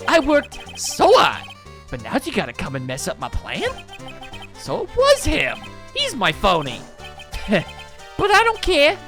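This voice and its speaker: A woman voicing a loud, bullying male mob boss with a gruff, roaring delivery in a video game playthrough. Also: sits high, wildly swooping pitch, unhurried, pauses often, faint music behind, voice pushed up, heavily acted. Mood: gloating.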